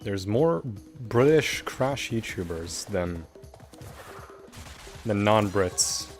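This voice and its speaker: A young man with a fairly low voice chats easily with his viewers as he plays. His talk is loose and offhand, and faint music plays under it. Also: animated, drawn-out words. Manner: chatty, laid-back, talking back to chat between moves. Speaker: streamer. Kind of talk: casual chat while streaming a game.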